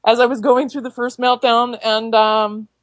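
A woman actor telling stories in a casual interview, animated and laughing easily, with many fillers and restarts. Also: on the high side, normal speed, no room sound. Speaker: actor and filmmaker guest.

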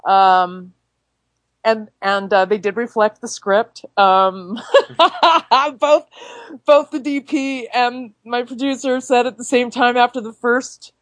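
A woman actor telling stories in a casual interview, animated and laughing easily, with many fillers and restarts. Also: fairly high pitch, slow pace, no echo. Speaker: actor and filmmaker guest.

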